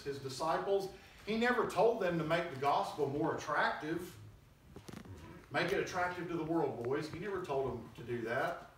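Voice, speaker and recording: A male preacher giving an emphatic, conversational sermon and acting out quoted voices, recorded in a church hall. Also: fairly high pitch. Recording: very echoey hall, distant mic, faint noise.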